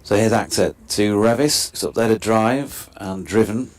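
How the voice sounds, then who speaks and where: A man giving live ball-by-ball cricket commentary in a steady, wry way as the lead commentator. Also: on the low side, moderate pace. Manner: steady, wry, describes play and scene.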